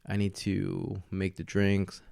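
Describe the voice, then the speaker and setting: A man's voice: low voice, completely flat delivery, slow pace, gravelly, darkish tone, no echo, studio quality. A man hosting a podcast alone at home, a bit tipsy from tequila, chatting in a loose, rambling way and laughing often. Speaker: podcast host. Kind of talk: casual solo podcast chat. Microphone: podcast mic with camera setup.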